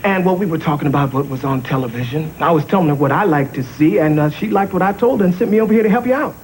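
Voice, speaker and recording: A man's voice: fairly high pitch, fast talker, slight background noise, close to an everyday voice, low-quality recording. An actor playing an eager, folksy male TV repairman in a sitcom. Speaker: TV repairman turned writer. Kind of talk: sitcom acting.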